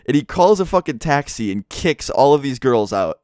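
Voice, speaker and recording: A man's voice: medium pitch, big pitch swings, moderate pace, few pauses, darkish tone, no room sound, studio quality. A young man vlogging a casual, profane storytime and acting out the lines of everyone in it. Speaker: YouTuber. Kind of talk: storytime vlog.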